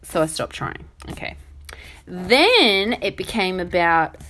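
A woman's voice: lowish voice, big pitch swings, slow, a bit bright. A middle-aged woman hosting her own podcast, talking in a rambling, self-deprecating, chatty way with lots of fillers. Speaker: podcast host. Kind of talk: casual solo podcast monologue.

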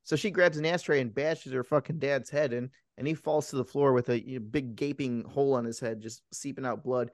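A man in casual talk about a movie, swearing often and acting out scenes in quick put-on voices. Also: mid-range voice, fairly even intonation, no echo, studio quality. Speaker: podcast co-host.

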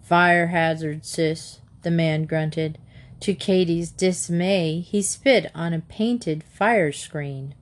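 A woman's voice: fairly low pitch, takes it slowly, a little mellow. Woman narrating a children's book. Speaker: audiobook narrator.

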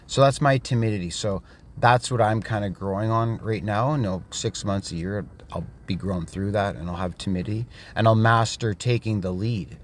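A man's voice: on the low side, normal speed, a little hiss or hum. A man hosting a podcast, speaking in an emphatic, declarative casual monologue that repeats short phrases. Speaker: podcast host.

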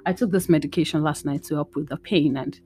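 A woman's voice: deep voice, steady tone, fast, mellow, slight background noise. A woman hosting a casual solo podcast, tired and emotional, rambling and mixing in Yoruba phrases. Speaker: podcast host. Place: indoors at home.

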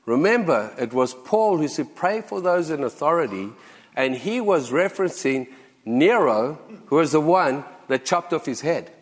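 A man's voice: a little high, expressive, moderate pace, long reverb tail. A man preaching a sermon as pastor, earnest and exhorting, repeating key phrases for emphasis. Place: church sanctuary.

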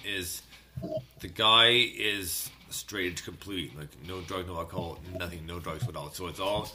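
A man's voice: sits low, measured pace, background noise. A man hosting a casual radio music show, rambling and laughing easily between tracks. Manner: laid-back, rambling, laughs often. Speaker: radio host.

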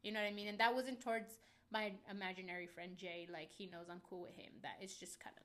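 A woman's voice: medium pitch, fairly even intonation, fast talker, background noise. A young woman telling a casual storytime to her viewers, rambling with lots of fillers and swearing and calling out to them as guys. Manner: talks straight to viewers as "guys". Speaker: vlogger.

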